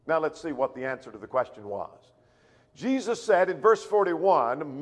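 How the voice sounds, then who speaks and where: A man preaching a sermon in a church, measured and slowing down when he quotes scripture. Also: on the high side, expressive. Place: church auditorium. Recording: long echo of a church hall.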